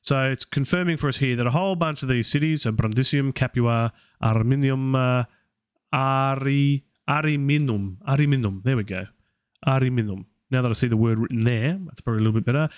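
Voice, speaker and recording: A man's voice: mid-range voice, fast, few pauses, smooth, no echo, clean studio sound. An Australian man hosting a live Latin study session, thinking aloud with many fillers as he works through the text.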